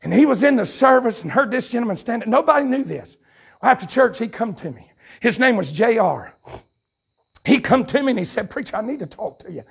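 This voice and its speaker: A man with a Southern US accent preaching a revival sermon to a congregation at a church camp meeting, telling a story that builds into fervent shouted preaching. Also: extremely high pitch, expressive, brisk, gravelly, breathy edge. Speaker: pastor.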